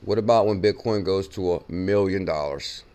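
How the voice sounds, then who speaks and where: A man hosting a casual crypto news show, reacting excitedly and repeating figures from a clip he plays. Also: deep voice, normal speed, clear, resonant tone. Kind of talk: casual chat.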